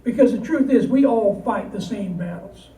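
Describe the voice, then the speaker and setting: Folksy high-voiced cowboy poet in a hall. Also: male voice, warm tone. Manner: folksy storytelling, slow dramatic recitation. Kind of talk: live poetry performance with jokes. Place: hall before a live audience. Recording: roomy hall from a distance.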